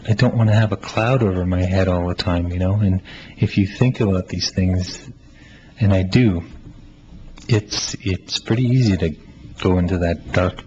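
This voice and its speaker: A playwright from Canada, a man answering interview questions in a thoughtful, halting way, with frequent laughs. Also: sits low. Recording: slightly muffled with faint hiss.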